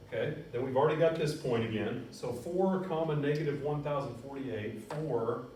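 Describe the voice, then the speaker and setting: A man's voice: medium pitch, normal speed, darkish tone, slight background noise. A man teaching a math lesson, upbeat and chatty, talking himself through each step and correcting himself as he goes. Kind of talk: classroom math lesson, working at a board. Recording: very echoey room, voice from a distance.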